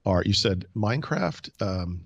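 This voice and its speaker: A man's voice: fairly low pitch, animated, measured pace, husky, dry recording, highs cut off. A man hosting a casual tech podcast, thinking aloud in a chatty way. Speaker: podcast host.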